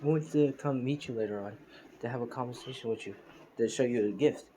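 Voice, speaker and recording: Ein Mann, der eine junge, verliebte Freundin in einer erzählten Fan-Geschichte spricht, leicht und verspielt. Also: male voice, mid-range voice, fast talker, mellow, slight background noise, natural voice. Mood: affectionate. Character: young woman, the hero's affectionate girlfriend.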